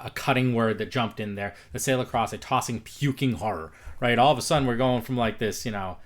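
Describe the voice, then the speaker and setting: A man hosting a casual spoken critique of viewer poetry, reflective, reading verse lines slowly aloud to test their rhythm. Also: mid-range voice.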